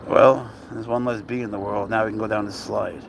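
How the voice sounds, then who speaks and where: Gravelly man cursing at his pet. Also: lowish voice, steady tone, fairly quick, slight background noise. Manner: profane, exasperated banter with his pet. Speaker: pet owner filming his cat. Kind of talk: casual vlog chat. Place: outdoor playground.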